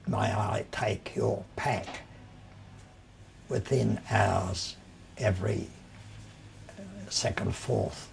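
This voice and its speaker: Gravelly, very slow elderly man. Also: lowish voice, a little mellow, slight background noise. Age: older. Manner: slow, measured storytelling with pauses. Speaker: war veteran interviewee. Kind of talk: reminiscing in an interview.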